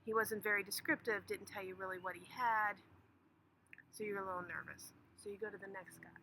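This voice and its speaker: A woman's voice: mid-range voice, steady tone, fairly quick, pushed and bright, a little hiss or hum, rough recording. A woman lawyer playfully explaining legal basics outdoors, self-mocking and casual.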